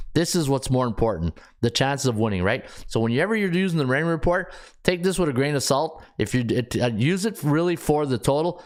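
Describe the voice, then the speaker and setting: A man hosting a sports betting podcast, thinking aloud as he checks stats, with frequent restarts and filler words. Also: mid-range voice. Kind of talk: casual solo analysis.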